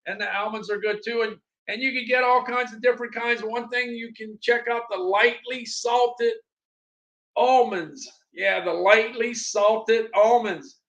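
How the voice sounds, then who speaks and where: A middle-aged man hosting a casual livestream, rambling and repeating himself, with sudden excited bursts. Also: very high-pitched, a little slow, highs cut off. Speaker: livestream host reviewing products. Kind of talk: casual livestream product chat.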